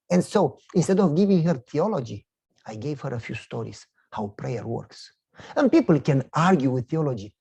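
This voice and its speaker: A male preacher tells a personal story in sermon style, full of acted-out back-and-forth. His voice is husky and dark-toned, with a wide, lively pitch range. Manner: animated, acts out dialogue in a story.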